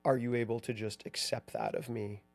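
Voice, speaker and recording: A man's voice: medium pitch, fairly even intonation, moderate pace. A man co-hosting a podcast about marriage, speaking earnestly in casual conversation and often asking "right?". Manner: earnest, ends points with "right?". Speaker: podcast co-host.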